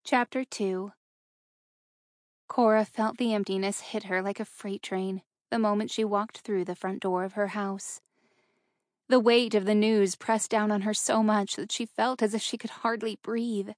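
A woman reads a novel aloud in steady, measured narration. Her pitch sits in the middle, and the recording is close and dry. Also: no room sound. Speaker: audiobook narrator. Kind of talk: scripted audiobook narration.

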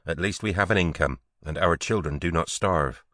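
A man voicing a soft-spoken, worried medieval peasant wife. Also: low-pitched, normal speed, no echo, studio quality. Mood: hushed. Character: anxious medieval peasant wife, young mother.

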